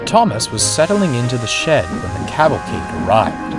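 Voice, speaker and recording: A man narrating a scripted spooky story in a slow, suspenseful storytelling manner. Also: medium pitch, huge pitch swings. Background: music.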